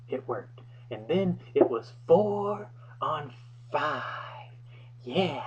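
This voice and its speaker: A man's voice: mid-range voice, slight background noise. Young guy vlogging a story, wry and self-deprecating, kinda muffled lo-fi sound. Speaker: vlog host. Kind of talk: casual storytelling.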